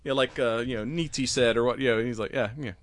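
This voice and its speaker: A man's voice: medium pitch, fairly even intonation, fast, no echo. A man casually recapping a film plot in a rambling way, laughing often and swearing freely. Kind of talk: casual movie recap chat.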